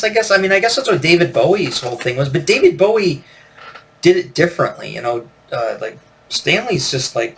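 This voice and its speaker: A man's voice: a little high, fairly bright tone. A man chatting casually about a rock album he is reviewing, rambling through lots of fillers and often laughing at his own points.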